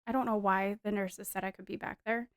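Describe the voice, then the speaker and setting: A woman's voice: medium pitch, fairly even intonation, a little fast, clear, resonant tone, dry recording, clean studio sound. A woman in her thirties giving an earnest, emotional personal testimony in a casual storytelling way, with frequent fillers. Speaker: wife sharing a testimony.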